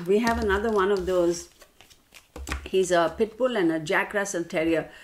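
Woman tarot reader, casual rant, animated and exasperated. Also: unhurried, slight background noise. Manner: animated, exasperated storytelling with sudden pitch jumps; addresses listeners as y'all. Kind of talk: casual ranting monologue.

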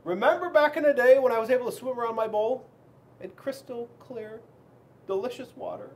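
A man, a school resource officer, reading a children's book aloud in an animated, expressive way. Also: extremely high pitch, a little fast.

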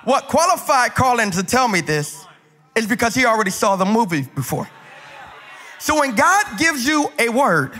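A male pastor with a speech impediment, preaching an animated, humorous sermon full of stories and talking straight to the congregation. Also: very high voice, moderate pace, in a large hall, a little hiss or hum. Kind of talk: sermon with comic storytelling.

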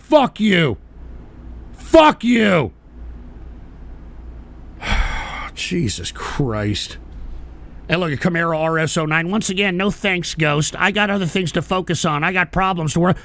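A middle-aged man hosting a live stream show, reading chat donations with a profane, irritable manner and bursts of shouting. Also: sits high, measured pace, gravelly, long pauses. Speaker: livestream show host.

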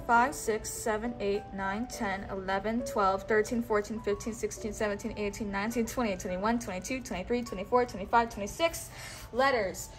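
A woman teaching a child one-on-one, speaking slowly and patiently and repeating words for the child to say back. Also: fairly high pitch, fairly bright tone. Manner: slow, coaxing, repeats words for the child to echo.

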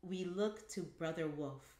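A woman voicing an earnest Native American tourist guide who is anxious to please, in a low voice and an echoey room. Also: slow, mellow. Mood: solemn. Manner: pleading, eager to be liked.

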